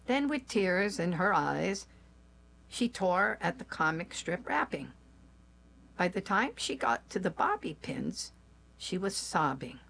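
An older woman tells a family story in a slow, unhurried storytelling voice. Her tone is gravelly and husky, a little low for a woman, with gentle pauses between her phrases. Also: big pitch swings. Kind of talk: personal story told aloud.

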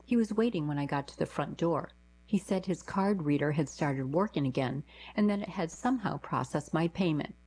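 A woman reading short newspaper diary columns aloud for a radio reading service, in a plain, even manner. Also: low voice, normal speed, breathy edge, rough recording.

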